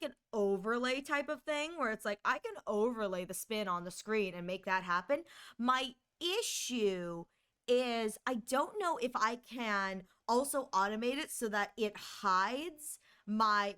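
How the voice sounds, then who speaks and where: Bubbly high-voiced woman streamer. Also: smooth. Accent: Northern US. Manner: bubbly and excitable, laughs often. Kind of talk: casual live-stream chat.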